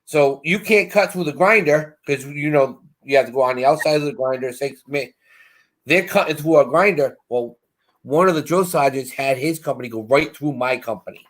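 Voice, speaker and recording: Middle-aged male storyteller, casual and lively, slightly higher voice, acts out quoted voices. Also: moderate pace. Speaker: co-host.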